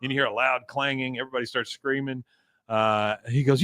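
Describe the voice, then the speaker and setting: A man's voice: medium pitch, fairly even intonation, fairly quick, sharp tone, smooth, no room sound. A man co-hosting a live podcast, casually retelling a cartoon episode and tossing off the characters' lines as he goes. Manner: retells scenes, quoting characters in a loose voice. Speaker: podcast co-host.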